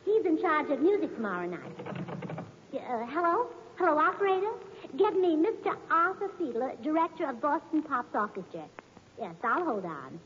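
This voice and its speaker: Chirpy high-voiced scatterbrained woman. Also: very animated, moderate pace, a bit bright, slight background noise. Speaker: comedienne in a radio sitcom. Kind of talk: 1940s radio comedy acting. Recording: dull lo-fi 1940s radio recording in a hall.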